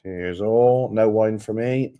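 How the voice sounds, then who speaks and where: Low-voiced, dry-humoured man. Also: slow, dull audio. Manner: dry, teasing interjections. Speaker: co-host of a travel channel live stream. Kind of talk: casual live-stream chat.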